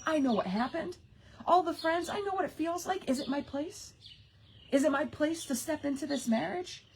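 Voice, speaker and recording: An earnest woman with a fairly high voice gives an emphatic recovery talk to families. She speaks straight to her listeners, pressing her points home. A faint wash of background noise sits under her voice.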